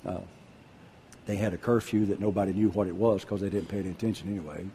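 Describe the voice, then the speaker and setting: An older man preaching a sermon, husky-voiced, dropping to a hush and then calling out loud. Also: low voice, fast talker, slight background noise. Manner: animated preaching, drops to a hush then shouts out. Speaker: pastor.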